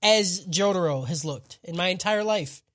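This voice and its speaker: A man's voice: high voice, moderate pace, a bit bright. A man on a casual podcast, riffing with sarcastic jokes.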